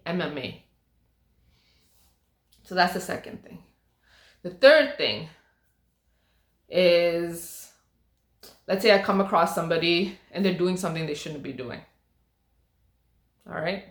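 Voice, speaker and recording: Animated young woman telling stories in a roomy echo. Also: fairly low pitch. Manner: animated, rambling, frequent swearing and fillers. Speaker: vlogger. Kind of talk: casual storytelling monologue.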